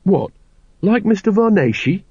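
A man voicing a very tall, earnest young man raised among dwarfs, speaking in a higher, eager voice. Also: animated, slow pace, mellow, slightly rough, dry recording, heavily acted. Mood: bewildered. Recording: dry, dull lo-fi audiobook recording.

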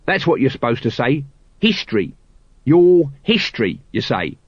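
A man's voice: medium pitch, sing-song, moderate pace, breathy edge, dry recording. A man voicing a crude, scheming little city watchman in a raised, cheeky voice. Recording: slightly muffled dry recording.

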